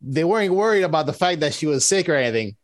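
Slow, thoughtful man talking frankly. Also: a little high, expressive. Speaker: podcast co-host. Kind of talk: casual chat.

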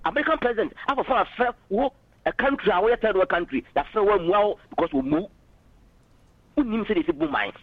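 High-voiced fast man on phone. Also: lively intonation, no echo, phone-quality sound. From Ghana. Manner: passionate, argumentative, mixes in English phrases. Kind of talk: political call-in talk.

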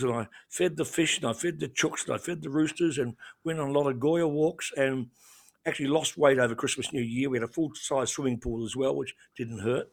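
Australian man, gravelly, chatty show regular, rambling anecdotes with restarts. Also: mid-range voice. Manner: chatty storyteller with many restarts and fillers. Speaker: regular commentator. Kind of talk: casual radio chat.

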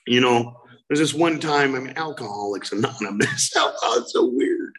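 A man in his forties telling his recovery story, animated, breaking into loud exasperated outbursts. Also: mid-range voice, normal speed. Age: 40s. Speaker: speaker sharing recovery story. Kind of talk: recovery talk, personal story.

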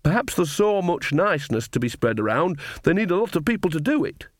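A man's voice: fairly high pitch, big pitch swings, a little fast, no room sound, clean studio sound, pitched above the performer's own voice. A man voicing a cheerful, earthy old woman witch who talks in a coaxing, chatty way.

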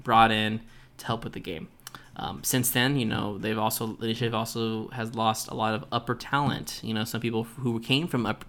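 A man's voice: mid-range voice, a bit bright. A man hosting a podcast alone, speculating in a casual, loose way. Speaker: podcast host. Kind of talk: solo podcast commentary.

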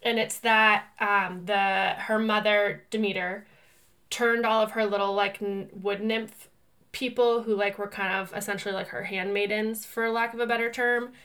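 A woman co-hosting a podcast in casual chat, telling stories in a rambling, animated way and often filling with "like.". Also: mid-range voice, normal speed. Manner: chatty and rambling, heavy use of "like"; animated storyteller who laughs through her telling. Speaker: podcast co-host.

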